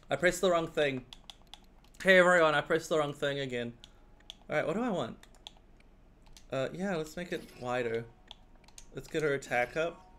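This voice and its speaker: A man giving rambling, swearing, excitable commentary while playing a video game. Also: on the high side, slight background noise. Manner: rambling, excitable, swears often, laughs a lot. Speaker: gaming video host. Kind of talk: let's play commentary.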